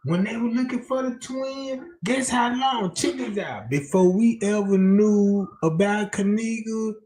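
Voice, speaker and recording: Slow, mocking man in an echoey room. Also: sits high, a little mellow. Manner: mocking, profane, drawn-out delivery. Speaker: livestream host. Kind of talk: crude comedic commentary.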